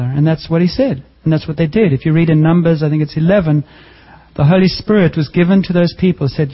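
A man preaches to his church in a husky, slightly raised voice. He jokes and jumps upward in pitch to drive points home. The recording is dull and lo-fi. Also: fairly quick. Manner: lively, joking preaching with sudden pitch jumps. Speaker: pastor. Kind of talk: sermon.

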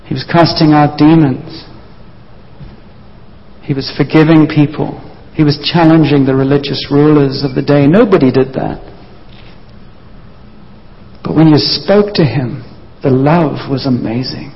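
A man's voice: a little high, steady tone, measured pace, creaky, long pauses. Man preaching in a reverberant hall. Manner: storytelling, acts out voices of disciples. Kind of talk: sermon. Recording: dull sound, long hall reverb.

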